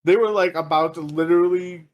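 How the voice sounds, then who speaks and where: A man co-hosting a podcast, telling a story in casual chat, animated and profane, laughing and acting out other people's voices. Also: high-pitched, a little fast, lo-fi sound. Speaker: podcast co-host.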